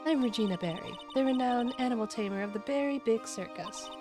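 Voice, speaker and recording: A woman's voice: on the high side, fairly quick, music in the background, lightly acted. A woman voicing a playful, brash young woman animal tamer while reading game dialogue aloud. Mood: matter-of-fact.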